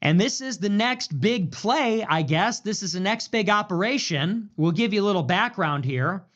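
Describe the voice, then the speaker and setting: A man in a rambling, profane political rant, sarcastic and trailing off into low asides, from a replayed video. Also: expressive, normal speed, fairly bright tone, lo-fi sound. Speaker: political commentator. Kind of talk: rambling ranting commentary.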